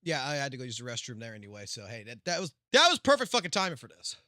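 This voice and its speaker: A man's voice: medium pitch, wildly swooping pitch, very fast, heavy background noise. A man ranting on a live stream, commenting on online drama in a heated, profane, confrontational way.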